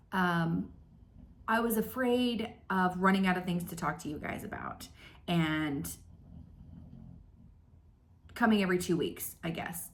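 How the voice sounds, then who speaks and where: A mid-range, slightly bright voice belongs to a woman in her thirties who runs a flosstube channel. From her home craft room she chats casually to camera about stitching, drifting off on tangents with self-deprecating humor and frequent ums.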